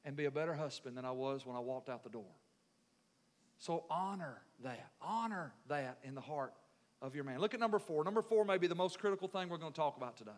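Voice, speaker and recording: A middle-aged man preaching a sermon as pastor, building from quiet, measured talk up to loud, forceful preaching. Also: a little high, lively intonation. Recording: echoey hall reverb.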